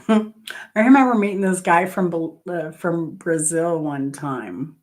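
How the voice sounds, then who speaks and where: Woman, deep voice, casual host chat, rambling stories, self-corrections. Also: unhurried. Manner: rambling travel anecdotes with self-corrections and laughs. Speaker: host of a music trivia channel.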